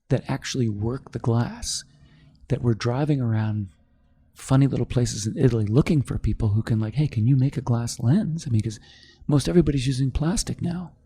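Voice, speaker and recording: A middle-aged man, a company founder, telling his story in a podcast interview, animated and quick to act out what others said. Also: mid-range voice, slightly rough. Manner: animated storyteller, acts out quoted voices.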